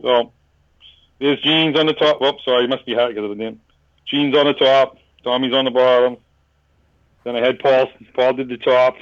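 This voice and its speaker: A man's voice: medium pitch, fairly even intonation, moderate pace, pauses often, no room sound, muffled recording. A man from New England, a podcast guest, telling a long story in a rambling way, with many restarts and acted-out bits of other people's lines. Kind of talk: casual storytelling.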